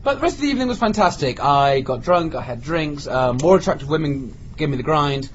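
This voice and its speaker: A man's voice: a little high, animated, brisk. A man telling a comic anecdote in a casual podcast chat, acting out the lines of the people in it. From Britain. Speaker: podcast co-host. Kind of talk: casual storytelling among friends. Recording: lo-fi podcast with faint noise.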